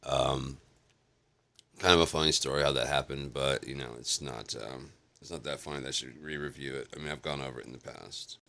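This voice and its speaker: A man's voice: steady tone, a little fast, bright, forceful tone. A man hosting a casual vlog, telling a long rambling story full of swearing and restarts. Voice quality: very deep gravelly voice. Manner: rambling, profane, restarts often. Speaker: vlog host.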